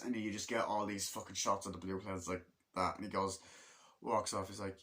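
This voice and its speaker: A man's voice: on the low side, flat delivery, moderate pace, fairly bright tone. A man giving a casual movie review, rambling through scenes, swearing a lot and acting out moments as he goes.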